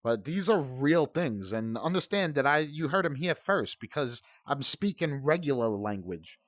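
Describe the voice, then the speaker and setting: A man's voice: medium pitch, animated, normal speed, fairly bright tone, no echo, clean studio sound. A man in his forties hosting a gaming channel, ranting in profane, heated, rambling commentary. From United States.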